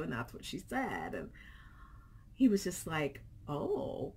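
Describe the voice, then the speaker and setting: A middle-aged woman vlogging casually, chatting and reading viewer comments aloud in an animated storytelling way. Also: mid-range voice, measured pace, husky.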